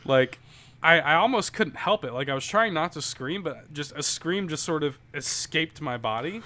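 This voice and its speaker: A man's voice: a little high, lively intonation, normal speed, bright, forceful tone. A man co-hosting a podcast, telling a rambling, profane story full of fillers in casual chat. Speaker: podcast co-host.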